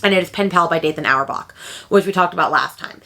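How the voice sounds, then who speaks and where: A young woman book vlogger chatting casually at home, excitable and quick to jump up high in pitch when she reacts. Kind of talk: casual chat.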